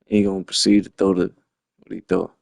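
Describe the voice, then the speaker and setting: Frustrated streamer man, low dry voice. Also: level tone, brisk, gravelly, darkish tone, no echo. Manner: frustrated, slangy, rambling self-critique. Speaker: livestreamer. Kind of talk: casual game replay breakdown.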